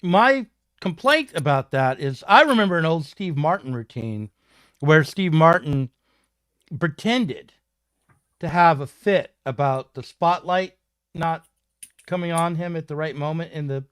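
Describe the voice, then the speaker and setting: A man's voice: on the high side, lively intonation, unhurried, fairly bright tone, smooth, no echo, studio quality. A man on a panel making a point hesitantly, with many fillers. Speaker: panelist in a political discussion. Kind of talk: conversational panel talk.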